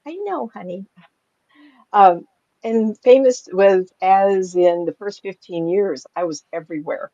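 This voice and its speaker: A woman's voice: medium pitch, fairly even intonation, measured pace, warm tone, no echo, muffled recording. An older woman, a psychic medium, telling stories from her life in a chatty way, often laughing and acting out the voices of people she quotes, recorded at home. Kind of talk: casual storytelling.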